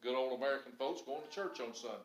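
A man's voice: mid-range voice, quick pace, a little hiss or hum. Man, pastor, sermon, emphatic, reverberant church room. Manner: preaching with rising, emphatic bursts and Southern phrasing. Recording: echoey church sanctuary.

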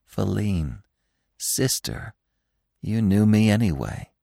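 A cheerful young buck brags in a lively, swinging voice, as a male narrator plays him. The storybook character sounds pleased with himself. His voice sits low and close in a dry recording. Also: measured pace, no room sound. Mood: moved. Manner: boastful, lively.

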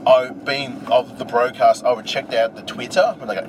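A man's voice: mid-range voice, normal speed. A young Australian man co-hosting a podcast, teasing and swearing in casual banter from the passenger seat. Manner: teasing, crude, animated. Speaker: podcast co-host. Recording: noisy car interior.

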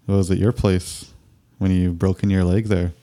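A man chatting casually with a friend, easygoing and quick with short replies. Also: deep voice, little pitch movement, warm tone. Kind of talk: casual chat.

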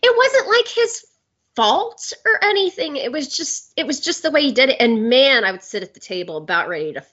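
A woman co-hosting a podcast, reacting in animated casual chat and swearing casually. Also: sits high, fairly quick, lo-fi sound. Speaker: podcast co-host.

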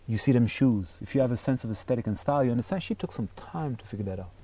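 A man speaking as an interview guest, telling stories in an animated, emphatic way and swearing freely. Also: medium pitch, quick pace, distant mic. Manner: animated, profane, emphatic storyteller. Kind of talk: casual conversation.

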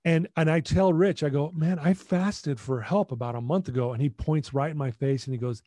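A man's voice: a little high, normal speed, no echo, studio quality. A middle-aged man telling a personal story as a podcast guest, acting out dialogue and often restarting and repeating words. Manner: animated retelling with acted-out dialogue.

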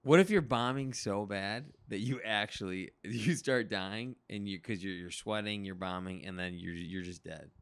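A man's voice: fairly low pitch, moderate pace, few pauses, clean tone. A man hosting a comedy podcast, chatting playfully and laughing as he talks. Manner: playful, laughs while talking. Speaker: podcast host. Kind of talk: casual podcast chat.

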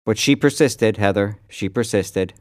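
A very low-pitched man in his fifties tells stories in a loose, rambling way, full of "uh"s and restarts. He co-hosts a casual chat podcast. His voice is close and dry, with no room sound. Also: a little slow, no room sound. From upstate New York. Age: 50s. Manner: chatty, rambling storyteller with frequent fillers. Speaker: podcast co-host.

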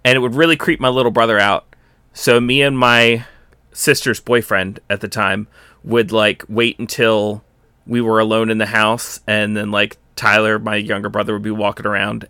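Young man, casual chat, rambling, bright voice, dry recording. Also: fairly low pitch, flat delivery, moderate pace, clear, resonant tone, no echo. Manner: rambling, many fillers and restarts.

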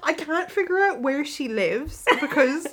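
A young woman, co-hosting a comedy podcast and teasing her friend with wry, quick comments. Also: high-pitched, expressive, fairly bright tone. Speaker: podcast co-host. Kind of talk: casual comedic chat.

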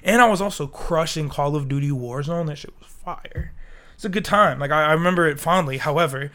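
A man's voice: on the high side, fairly quick, fairly bright tone. A sick young man co-hosting a podcast, rambling in casual, profane chat and laughing often. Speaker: podcast co-host.

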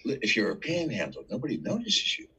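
A man telling a story in a casual interview, animated and full of profanity. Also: medium pitch, quick pace, husky, poor audio. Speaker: interview guest.

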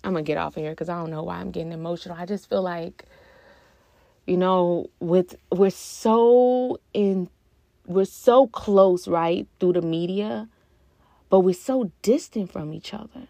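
A young woman talks through a reflective podcast episode with a low, gravelly voice. She speaks earnestly and from the heart, pausing on hesitant fillers. The sound is close and dry. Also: dark tone, no room sound. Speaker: podcast host. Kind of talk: reflective personal podcast talk.

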